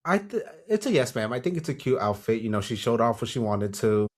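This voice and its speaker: A man's voice: mid-range voice, fairly quick. Laid-back man podcast co-host. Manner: relaxed, agreeable, frank and salty. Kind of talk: casual chat reviewing a TV show.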